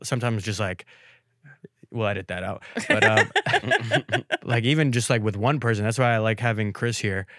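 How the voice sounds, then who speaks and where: A man's voice: fairly low pitch, big pitch swings, normal speed, long pauses, fairly bright tone, no room sound, clean studio sound. A young man hosting a podcast in easygoing, self-deprecating chat, laughing often. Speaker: podcast host. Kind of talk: casual chat.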